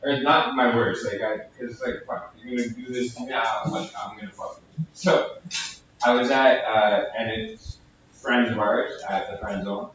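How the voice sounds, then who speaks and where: A man's voice: mid-range voice, animated, normal speed, fairly bright tone, a little hiss or hum. Man, casual storyteller, swears freely, acts out quotes, echoey distant lo-fi recording. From Canada. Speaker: comedian guest. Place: live comedy venue. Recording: echoey, distant, dull lo-fi sound.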